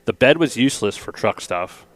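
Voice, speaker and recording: A man's voice: medium pitch, expressive, moderate pace, a bit bright, no room sound. A man co-hosting a casual podcast chat in a laid-back way. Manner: laid-back, uses fillers like "like" and "um". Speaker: podcast co-host.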